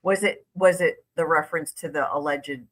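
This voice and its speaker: A woman hosting an interview, asking short questions and reacting with quick exclamations. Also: deep voice, steady tone, a bit bright. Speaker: interview host. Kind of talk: casual conversational interview.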